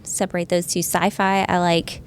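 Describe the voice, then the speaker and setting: Chatty woman with a gravelly edge. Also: lowish voice, flat delivery, a little hiss or hum. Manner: chatty and enthusiastic, with frequent "um" pauses. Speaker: youth services librarian, podcast guest. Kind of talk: casual chat.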